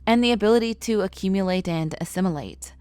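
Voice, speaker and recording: A woman voicing a brash, theatrical teenage girl who loves Halloween, shouting and teasing her friends. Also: medium pitch, quick pace, clear, resonant tone, dry recording, close to an everyday voice.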